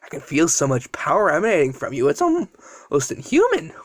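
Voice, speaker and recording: A man's voice: on the high side, wildly swooping pitch, fairly quick, no room sound. A man voicing a sinister male mage who fights with chains, mocking and gloating.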